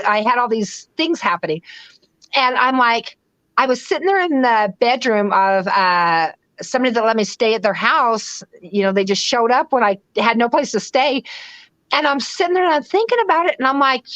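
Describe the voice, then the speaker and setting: A woman's voice: a little high, fairly bright tone, no room sound, poor audio. A woman from the western United States, a guest in a casual interview, talking animatedly, acting out her own inner voice and laughing easily. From western United States (Utah, Idaho).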